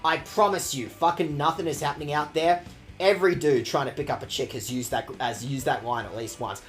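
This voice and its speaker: A man's voice: fairly high pitch, brisk, a bit bright, soft background music. A man streaming a video game, ranting at the characters with sarcastic, profane commentary. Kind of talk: let's-play commentary.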